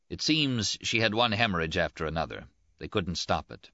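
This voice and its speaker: A man with a very deep voice reading a first-person novel in a plain, measured way. The recording is dry with no room sound, and slightly dull and lo-fi. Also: lively intonation, bright, forceful tone, no room sound. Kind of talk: audiobook narration.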